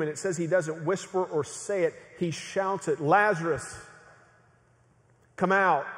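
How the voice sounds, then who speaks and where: A middle-aged male pastor preaching a sermon in an earnest way, building to emphatic peaks and slowing for dramatic pauses. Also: a little high. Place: large church auditorium. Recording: long hall reverb.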